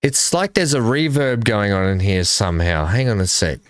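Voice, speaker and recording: A man hosting a live stream, talking casually and haltingly into his desk microphone while he fixes his audio. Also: on the low side, sing-song, clean tone, no room sound, clean studio sound. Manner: halting, mumbling, fixing his mic. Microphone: desk microphone with filters.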